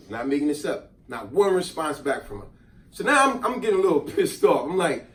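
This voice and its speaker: A middle-aged man spins a casual, animated story and slips into voices for the people in it. His voice sits a bit high for a man. He sounds distant from the mic, in a roomy space. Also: moderate pace. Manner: animated, acts out voices in quotes.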